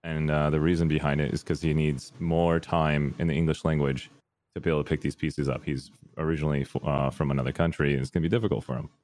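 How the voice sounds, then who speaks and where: A man's voice: extremely low pitch, fairly even intonation, fast, darkish tone. A young adult man telling a personal story in a casual, candid and rambling way, full of fillers and restarts.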